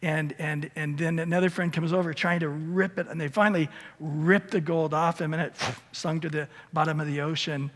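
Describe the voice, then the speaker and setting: A man's voice: a little high, fairly bright tone. Man preaching in a reverberant church hall. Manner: earnest, conversational preaching with frequent restarts. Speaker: pastor. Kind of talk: sermon. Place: church sanctuary.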